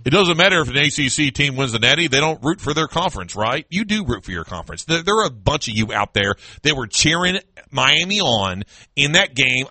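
Male sports radio host, sarcastic and mocking, bright lively voice, dry close mic. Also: a little high, a little fast, no echo. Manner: sarcastic, mocking, mimics fans in raised voice. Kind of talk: sports talk radio rant.

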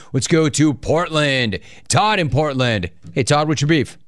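A man hosting a call-in radio show, bantering and teasing callers in a joking, animated way. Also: medium pitch, normal speed, few pauses, dry recording, studio quality. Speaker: sports radio host.

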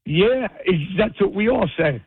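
A man's voice: high-pitched, expressive, unhurried, breathy edge, dry recording. A man calling into a radio show and eagerly telling a family story. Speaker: caller. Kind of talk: phone-in story. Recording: tinny phone line.

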